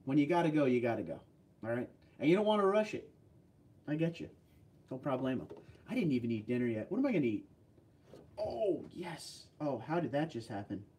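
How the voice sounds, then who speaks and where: A man's voice: mid-range voice, big pitch swings, brisk, pauses often, a little mellow. A man from New Jersey hosting a casual livestream, chatting and joking as he reads and answers viewer comments. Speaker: livestream host.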